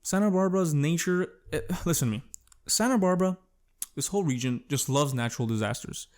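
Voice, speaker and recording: A man's voice: a little high, animated, a little fast, darkish tone. A young man hosting a podcast alone, telling crude stories in a rambling way, full of fillers and self-corrections. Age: young adult. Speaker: podcast host. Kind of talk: casual solo storytelling.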